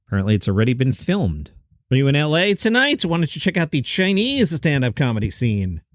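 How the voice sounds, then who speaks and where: A man's voice: on the high side, dry recording, studio quality. A man hosting a comedy news roundup, reading out quotes and adding wry, sarcastic asides.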